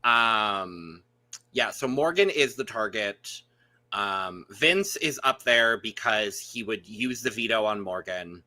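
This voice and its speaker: A man's voice: on the low side, measured pace, pushed and bright. A man hosting a casual podcast chat, talking loosely with lots of fillers and blunt remarks. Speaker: podcast host.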